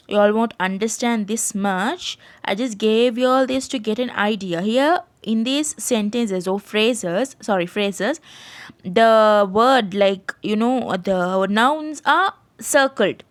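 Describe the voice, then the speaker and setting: A woman from Sri Lanka teaching an English grammar lesson online, explaining step by step and checking in with "right?" after each point. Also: fairly high pitch. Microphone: screen-share voice recording.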